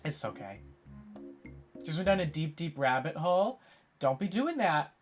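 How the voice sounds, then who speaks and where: A woman's voice: low voice, sing-song, normal speed, soft background music. A woman streaming a video game, chatting casually, self-mocking and swearing freely. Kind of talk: casual live-stream chat while gaming.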